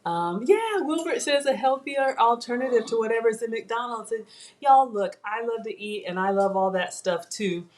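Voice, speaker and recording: A woman's voice: a little high, moderate pace, darkish tone. A middle-aged woman hosting a casual home cooking livestream, chatting and reading viewer comments aloud from her kitchen.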